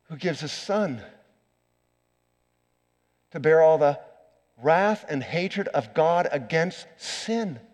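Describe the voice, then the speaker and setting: Pastor, middle-aged man, slightly high voice, earnest sermon delivery with loud and hushed turns, long church reverb. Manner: earnest preaching, swings from loud emphasis to hushed. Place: church sanctuary.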